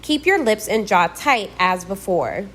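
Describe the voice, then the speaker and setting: A woman reading a scripted pronunciation lesson, slowly and deliberately modelling each sound for learners. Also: mid-range voice, expressive, a bit bright. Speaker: language teacher.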